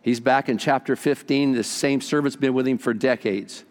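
An older man preaching a sermon as pastor, telling stories with enthusiasm and swinging from loud bursts to hushed asides. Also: medium pitch, fairly even intonation, normal speed. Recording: long hall reverb.

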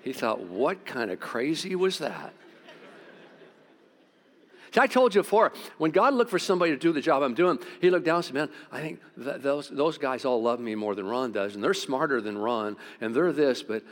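A middle-aged pastor, preaching a sermon through stories, swinging between loud outbursts and quiet, intense moments. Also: male voice, mid-range voice, lively intonation, normal speed. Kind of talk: sermon with storytelling.

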